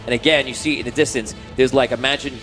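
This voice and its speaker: A man's voice: medium pitch, fairly even intonation, fast talker, fairly bright tone. A man narrating a tabletop game as game master, rambling with many fillers, over background music.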